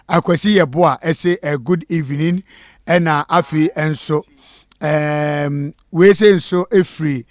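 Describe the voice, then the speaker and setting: A man's voice: on the high side, no room sound, clean studio sound. A Ghanaian man hosting live election-night talk, reading out viewers' names and messages and mixing Twi with English. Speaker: host reading viewer comments. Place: studio.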